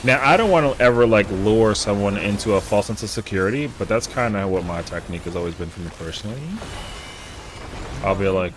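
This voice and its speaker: A young man with a lowish voice chats loosely while he plays a game on stream. He drops slang into his jokes and plays up his boasting for laughs. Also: a little fast, over music. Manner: joking, playful boasting with slang. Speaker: streamer playing an online game. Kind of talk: casual chat while gaming.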